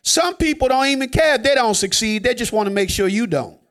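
Male preacher, high voice with wide swings, chatty joking sermon delivery, loud then hushed. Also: expressive, brisk.

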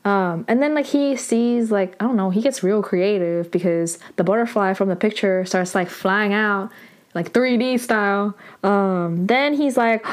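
A woman's voice: medium pitch, measured pace. A young woman hosting a podcast, recapping an episode casually and animatedly, with lots of 'like' fillers. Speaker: podcast host.

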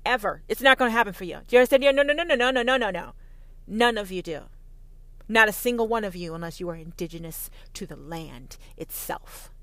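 A Southern American woman rants in a heated, sarcastic monologue, swearing freely and mocking the people she argues against. Her voice sits a little high. The recording is dry and close, with no room sound. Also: no room sound. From Southern United States. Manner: profane, heated and sarcastic, mocking imagined opponents. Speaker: podcast host. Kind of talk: impassioned monologue.

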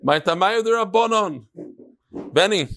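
Rabbi teaching a class: a man with a slightly high voice who tells stories in a lively way and calls out to his students. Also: unhurried. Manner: animated, talks straight to the class. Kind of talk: lively lecture with storytelling.

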